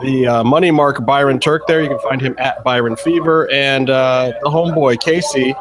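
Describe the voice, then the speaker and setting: A man's voice: mid-range voice, normal speed, a crowd in the background. A man hosting a casual wrestling podcast, teasing his co-hosts in loose, profane banter over an internet call. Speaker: podcast host. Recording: noisy call with clicks.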